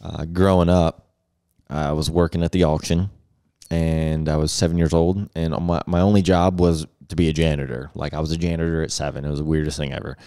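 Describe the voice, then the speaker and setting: Host, male, low voice, lively casual storyteller who laughs often. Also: brisk, clean tone. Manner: lively, laughing, acts out quotes. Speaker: podcast host.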